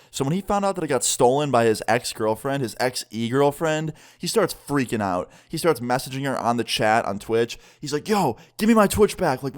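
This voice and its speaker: A young man casually telling a storytime tale to the camera, chatty and often ending lines with "okay?". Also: mid-range voice. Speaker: YouTuber. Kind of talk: storytime narration.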